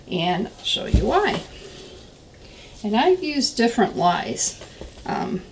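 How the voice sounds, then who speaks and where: A woman of middling pitch walks through a soap-making demonstration in a relaxed, chatty way, thinking aloud and filling pauses with ums. A faint hiss of background noise sits under her voice. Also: rough recording. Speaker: soap maker demonstrating a recipe. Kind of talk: casual step-by-step craft tutorial.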